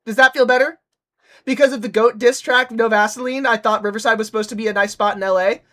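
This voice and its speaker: A woman's voice: a little high, fairly even intonation, fast talker, a bit bright. A young woman from Nevada streaming casually, ranting and mocking with lots of swearing.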